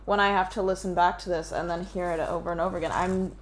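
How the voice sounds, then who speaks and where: A woman's voice: fairly low pitch, steady tone, fast, a little hiss or hum. A young woman co-hosting a casual podcast, chatting in a teasing, playful way. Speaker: podcast co-host. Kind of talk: casual chat.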